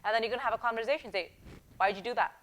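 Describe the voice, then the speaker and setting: A woman's voice: fairly high pitch, rapid-fire, fairly bright tone, low-quality recording. A woman giving workplace advice in a direct, emphatic, conversational way, often checking in with "okay?" and "right?". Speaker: workplace empowerment coach. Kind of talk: advice video talk.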